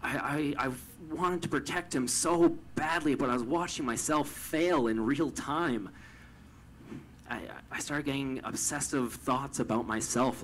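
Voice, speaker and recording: A young man from Canada telling a personal story, stammering over repeated words and swinging from hushed to loud with emotion. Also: mid-range voice, measured pace, a little hiss or hum, low-quality recording.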